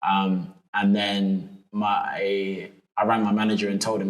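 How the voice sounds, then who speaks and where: A man, a guest in an interview, telling his story in an animated way and acting out what people said. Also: on the low side, slow pace. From England. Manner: animated storyteller, acts out quotes. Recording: roomy echo.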